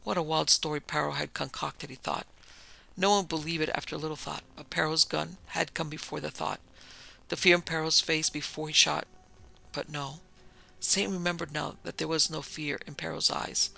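A man reading a story aloud as narrator in a steady, even, matter-of-fact way. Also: a little high, normal speed, vocal fry. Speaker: audiobook narrator. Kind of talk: storybook reading of a pulp detective tale.

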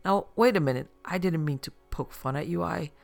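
A man's voice: a little high, a little fast, creaky, soft background music. A man doing Mister Collett, a tipsy joker. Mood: pleading. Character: tipsy middle-aged man, flippant and joking.

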